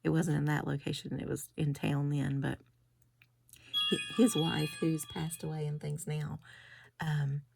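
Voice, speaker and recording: A middle-aged woman chats her way through a haul video. Her voice sits low, with a gravelly fry. She rambles from one story to the next with little giggles along the way. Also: level tone, a little slow, noisy background. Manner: chatty, rambling, giggly asides. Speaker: crafting vlogger. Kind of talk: casual haul chat.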